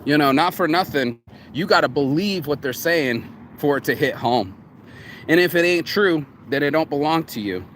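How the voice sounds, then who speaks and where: A man talks outdoors in a yard, a casual motivational monologue that wanders from thought to thought. His voice sits a little high, and he swears freely. The outdoor recording carries clear background noise. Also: moderate pace. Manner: rambling, animated, swears freely. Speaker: vlogger.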